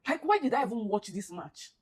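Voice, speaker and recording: A woman's voice: fairly high pitch, sing-song, fairly quick, breathy edge. Exasperated Nigerian woman ranting. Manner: exasperated, pleading, repeats herself. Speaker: football fan reacting. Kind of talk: emotional reaction rant.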